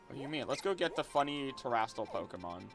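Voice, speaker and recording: Talking fast and very animated over music, a twenty-something streamer rambles to his chat while gaming. He repeats himself as he reacts, his voice sitting in the mid range.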